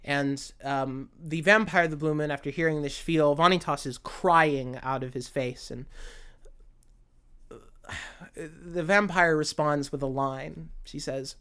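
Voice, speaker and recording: A man's voice: a little high, a little slow, a bit bright, clear, resonant tone. A man retelling an anime series in a casual video essay, emotional and rambling, with many restarts. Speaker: anime commentator.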